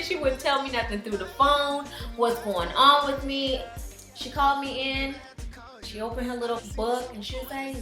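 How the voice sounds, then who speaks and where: A woman in her twenties from Florida, telling a personal story to viewers in an animated, chatty way. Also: high-pitched, moderate pace. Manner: animated, addresses viewers as y'all. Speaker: vlogger. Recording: roomy echo with faint music.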